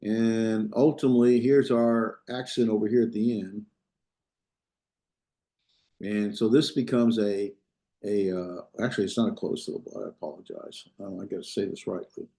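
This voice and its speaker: A man teaching a class in a loose, unpolished way, restarting sentences and checking that students follow. His voice is mellow and relaxed, and it echoes around the room. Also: fairly low pitch, moderate pace. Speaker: Biblical Hebrew teacher. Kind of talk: classroom lecture.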